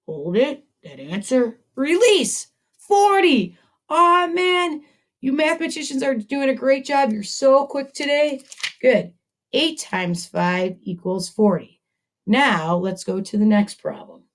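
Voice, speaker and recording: A woman's voice: fairly high pitch, expressive, measured pace. Upbeat woman teaching young children. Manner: upbeat, encouraging, talks to a puppet. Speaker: second grade teacher. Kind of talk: video math lesson for children.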